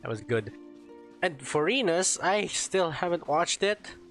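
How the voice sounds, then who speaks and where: Man, game streamer, slightly high voice, rambling casual chat, faint game music behind. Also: very animated, unhurried, a bit bright. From Philippines. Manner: rambling, chatty, often searching for words.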